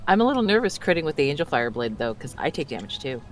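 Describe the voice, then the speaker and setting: Quick and very animated, this man's voice sits on the high side and competes with a loud crowd. Playing a casual tabletop game, he's chatty and apologetic, checks the rules again as he rolls, and keeps clearing his throat and choking on mucus.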